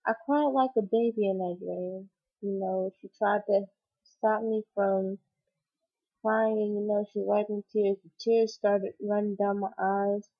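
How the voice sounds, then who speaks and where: Young woman vlogging about a dream, flat delivery, rambly and emotional, kinda dull lo-fi sound. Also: medium pitch, measured pace. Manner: rambling, emotional, many fillers. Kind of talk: personal storytelling. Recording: dull lo-fi recording.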